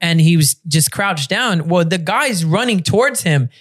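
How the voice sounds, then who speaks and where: A man on a podcast telling a story in casual chat, animated and profane, with laughs mixed in. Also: a little high, unhurried. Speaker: podcast guest or host.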